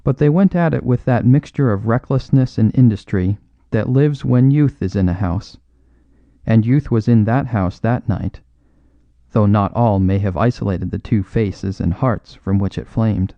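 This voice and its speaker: Low-voiced male audiobook narrator. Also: a little slow, warm tone, dry recording, highs cut off. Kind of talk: scripted narration.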